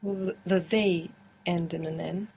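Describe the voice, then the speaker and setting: Hesitant woman student, low and flat. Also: unhurried, creaky, husky. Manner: short, hesitant answers. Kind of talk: answering in an audio lesson.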